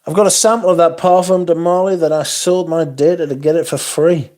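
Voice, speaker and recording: A man's voice: on the high side, fairly even intonation, a little fast, a little mellow. A man hosting a casual livestream. He reads viewer comments aloud and answers them bluntly, swearing often and adding asides. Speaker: livestream host. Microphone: phone.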